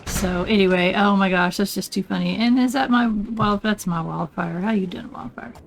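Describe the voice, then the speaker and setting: An older woman hosting a relaxed let's play, chatting and rambling as she plays and often getting sidetracked. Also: medium pitch, moderate pace, creaky, soft background music, low-quality recording. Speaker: gaming channel host. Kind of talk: casual let's play commentary.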